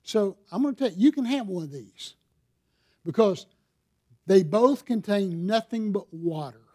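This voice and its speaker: This middle-aged pastor has a high, slightly mellow voice with lively intonation, and he talks a little slowly. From the sanctuary he delivers a conversational sermon, chatting with his congregation, posing questions to them, and working with props.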